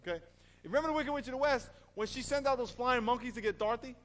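A man preaching a sermon in an animated, emphatic way, asking his congregation rhetorical questions. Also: very high voice, very fast. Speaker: pastor. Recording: reverberant hall.

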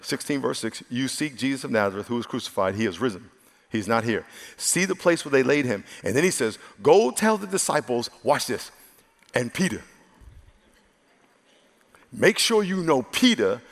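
The preacher here has a gravelly, medium-pitched voice and an animated delivery at a moderate pace. Before a live congregation in a big church hall full of long echo, he gives a humorous, conversational sermon, often performing the voices of the characters in his story.

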